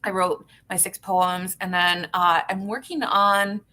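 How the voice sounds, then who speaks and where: A woman co-hosting a podcast over a video call, rambling with many fillers and quick bursts of speech. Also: on the low side, flat delivery, pushed and bright. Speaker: podcast co-host. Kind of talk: casual chat.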